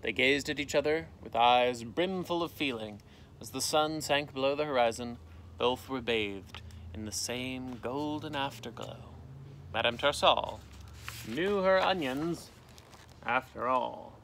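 Sitting in a canoe outdoors, a man who teaches reads a storybook aloud, giving the characters lively voices before a gentle sign-off. His voice is mid-range and a little slow, with slight hiss or hum on the recording.

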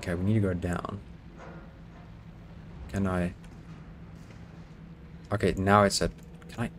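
A man with a fairly low voice narrates his horror game run in excitable let's-play commentary. He swears at monsters, jokes to himself and pleads out loud for healing items. Steady noise runs under the recording. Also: measured pace. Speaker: gaming YouTuber.

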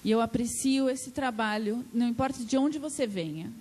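Woman interpreting a speech in a hall. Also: a little high. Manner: measured, steady delivery following the speaker.

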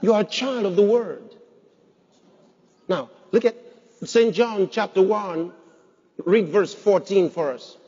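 A man's voice: high voice, takes it slowly, long pauses, mellow, breathy edge. A man preaching a sermon as pastor, emphatic, putting rhetorical questions to his congregation. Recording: dull sound with long hall reverb.

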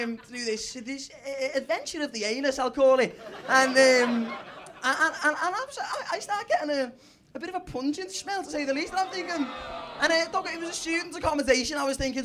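A young comedian tells a crude, rambling story, tripping over his words and restarting lines. His voice sits fairly high for a man. A full club crowd laughs and roars around him on a live stage mic. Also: moderate pace. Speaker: stand-up comedian. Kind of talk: stand-up set. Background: audience laughing.

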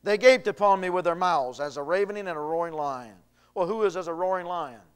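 A man's voice: sits high, a little fast, clear, resonant tone. A male pastor preaching a sermon, reading scripture aloud and building in intensity. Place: church.

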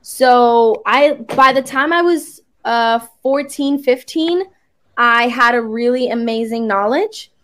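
Slow-speaking woman. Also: fairly high pitch, fairly bright tone. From Puerto Rico. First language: Spanish. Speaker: English tutor. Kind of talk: casual conversation lesson on a video call.

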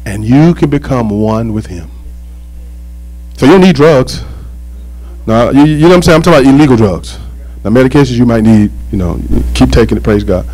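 A man preaching a sermon as pastor, animated and joking, with call-and-response asides to the congregation. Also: medium pitch, brisk, rough recording.

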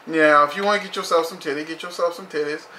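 A man's voice: fairly high pitch, fairly even intonation, fast, pushed and bright, roomy sound, a little hiss or hum. A man reviewing a TV episode in casual commentary, blunt and profane, saying "you know" constantly.

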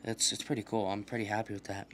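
A young man giving casual commentary while playing a video game, swearing often and trash-talking opponents in an excitable way. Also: fairly low pitch, fast. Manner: profane, excitable trash talk. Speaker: gaming channel host.

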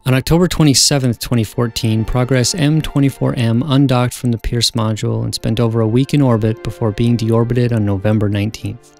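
A man giving a scripted narration in an even, factual delivery. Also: mid-range voice, brisk, vocal fry, soft background music.

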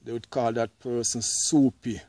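A man's voice: mid-range voice, flat delivery, a little slow, a little mellow, no room sound. A man with a Jamaican accent, talking to viewers in a casual vlog and quizzing them, recorded outdoors on a farm. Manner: quizzing viewers, acting out vendor calls. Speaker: vlogger.

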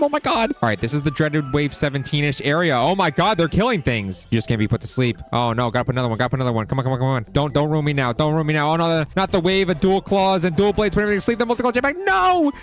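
Excitable young man commenting on gameplay. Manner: excitable, jokey, swings between loud high yelps and low mutters. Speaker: gaming YouTuber.

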